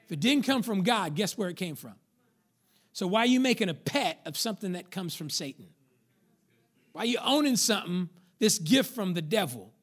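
High-voiced preaching man, emphatic. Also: expressive, normal speed, fairly bright tone. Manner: emphatic preaching, repeats lines for stress, acts out inner voices. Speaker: pastor. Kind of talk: sermon.

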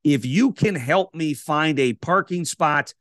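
A man's voice: on the high side, a bit bright, no room sound, studio quality. A man voicing a frazzled last-minute male shopper who pleads and bargains in a hurry. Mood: frantic bargaining. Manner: hurried, pleading bargaining with heaven.

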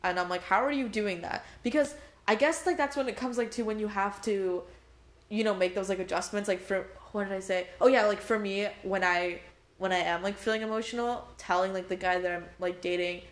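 Animated young woman in an echoey room. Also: medium pitch. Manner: animated, laughs often, acts out quotes. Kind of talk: casual podcast chat.

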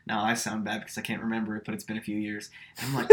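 A young man with a bright, clear voice spins a story in relaxed podcast chat. He is animated and slips into the voices of the people he quotes. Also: lowish voice, quick pace. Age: young adult. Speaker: podcast co-host.

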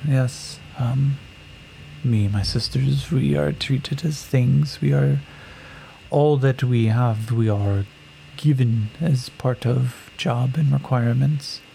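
A man voicing a stern female alien warrior who speaks slowly, in broken, formal English. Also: mid-range voice, gravelly, warm tone, a little hiss or hum, poor audio. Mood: earnest. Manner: slow, deliberate speech in broken formal English.

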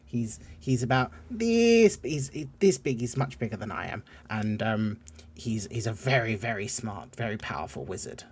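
A man's voice: on the low side, lively intonation, normal speed, darkish tone, husky. A man voicing a tiny, damp, frog-like male creature who is timid and polite and stammers a lot. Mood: eager. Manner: hesitant, stammering.

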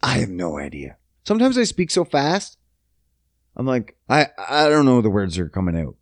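A man's voice: medium pitch, wildly swooping pitch, normal speed, no room sound, studio quality. A man rambling through a casual comedic monologue, swearing freely and joking at his own expense. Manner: rambling, profane, self-mocking.

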